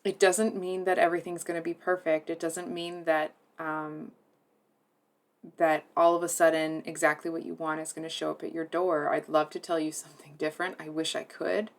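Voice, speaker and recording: A woman with a low, soft voice walks her viewers through a tarot reading. She speaks hesitantly, circling back and filling pauses as she searches for words. Her tone stays earnest and deeply moved. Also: flat delivery. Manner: soft, hesitant, many fillers and restarts. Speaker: tarot reader.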